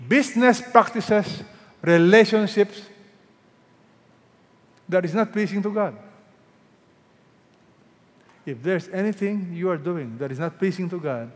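A man preaching to his congregation in a high, ringing voice. He fires rhetorical questions at them, rising to loud emphatic peaks, then drops to a hush to draw out a quote. Long reverb from the hall trails behind every line. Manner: swings between loud emphatic peaks and hushed drawn-out quotes. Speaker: pastor. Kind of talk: sermon.

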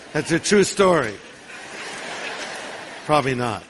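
A man's voice: mid-range voice, a bit bright, slight background noise. A man in his sixties, a pastor preaching a sermon in a folksy, humorous storytelling manner. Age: 60s. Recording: long reverb of a large hall.

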